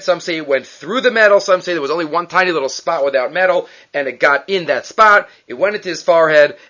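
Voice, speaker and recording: Man retelling a story, lively and quick. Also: fairly high pitch. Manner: animated, quick, frequent restarts and self-corrections. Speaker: Torah teacher. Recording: dull lo-fi recording.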